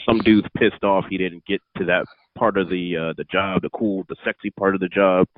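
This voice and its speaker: A man's voice: low voice, fairly even intonation, normal speed, no room sound. A man on a casual podcast, telling stories in a joking, playful way. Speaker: podcast co-host. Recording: dull sound with faint noise.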